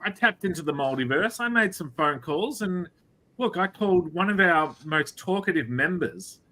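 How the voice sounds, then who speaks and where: Joking Australian host, man, bright and lively edge. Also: on the high side, normal speed, poor audio. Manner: jokey, teasing, playful. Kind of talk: casual online show chat.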